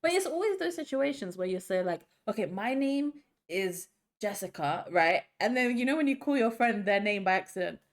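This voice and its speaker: A woman co-hosting a podcast, chatting casually and laughing often, with quick asides. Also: on the high side, expressive. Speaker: podcast co-host. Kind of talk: casual chat.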